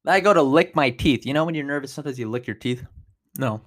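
A man in his twenties hosts a podcast, telling a personal story quickly in a casual, animated manner. His pitch and loudness jump around a lot.

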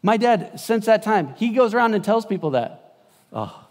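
A man's voice: high voice, expressive, normal speed. Man preaching in a reverberant hall. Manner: conversational, swings between loud bursts and hushed passages. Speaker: pastor. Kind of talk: sermon.

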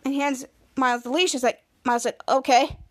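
A woman's voice: high voice, fairly even intonation, fast talker, fairly bright tone. A woman hosting a podcast, rambling through a recap of a TV episode and quoting the characters' lines with small voice changes. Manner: rambling retelling, quoting characters with small voice shifts and bits of sung melody. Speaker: podcast host.

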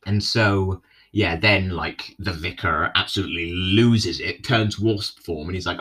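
A young man with a fairly low voice recaps a TV episode in a loose, rambling way. He leans on fillers and tacks on a questioning "right?" as he goes. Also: slow pace, pushed and bright. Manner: rambling, filler-heavy, keeps asking "right?". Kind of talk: casual retelling of a TV episode.

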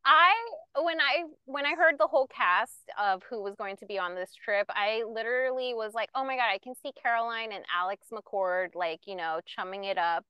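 A young woman co-hosting a casual gossip podcast, chatty and quick to laugh, often reminding listeners that the stories are alleged. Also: a little high, clean tone, dry recording, highs cut off. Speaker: podcast co-host. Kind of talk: casual pop-culture gossip chat.

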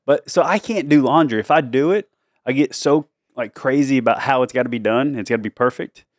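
A man's voice: mid-range voice, a little fast, no echo, studio quality. A middle-aged man, a dad hosting a family chat show, telling stories in an easygoing way and laughing often. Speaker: dad and podcast host.

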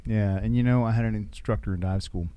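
A man, a military veteran, telling stories in a casual interview, with halting restarts. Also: fairly low pitch, steady tone, smooth, highs cut off.

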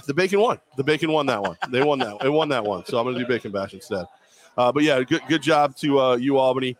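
A man's voice: medium pitch, animated, fast. A man co-hosting a casual sports talk show, telling jokey, self-mocking stories.

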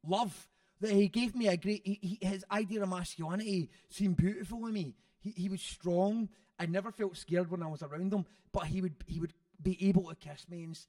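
A man, an author telling stories about his father in an interview, animated and swearing freely. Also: high voice, no echo. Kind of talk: storytelling in an interview. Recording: dry sound from a distant mic.

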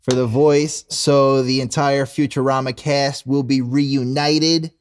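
Relaxed male podcast co-host, mid-range voice, meandering and profane. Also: mid-range voice, slow, slight background noise. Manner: laid-back, meandering, profane. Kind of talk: casual podcast chat.

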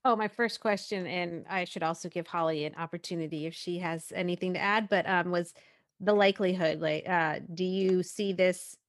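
Chatty low-voiced woman host. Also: fairly even intonation, moderate pace, no room sound. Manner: chatty, restarts words, thinks aloud. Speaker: podcast host. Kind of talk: casual conversational interview.

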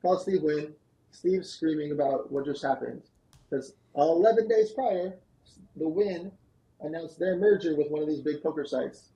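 An animated man recounting a business story as a podcast guest. His voice sits a little high but stays mellow and warm. He rattles through events in quick bursts. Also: muffled recording. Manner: animated, fast-moving anecdotes. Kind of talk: storytelling interview answer. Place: podcast studio.

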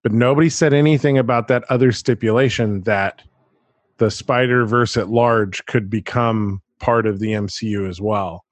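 A man's voice: on the low side, moderate pace, dry recording. Chatty man hosting a podcast chat. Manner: animated, chatty, laughs often. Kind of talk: casual chat.

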